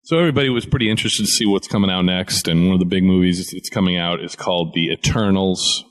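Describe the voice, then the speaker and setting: A man's voice: low-pitched, fast talker. A man co-hosting a casual chat who explains comic book news at length and answers his co-host with short agreeing replies. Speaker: comic shop owner, podcast co-host.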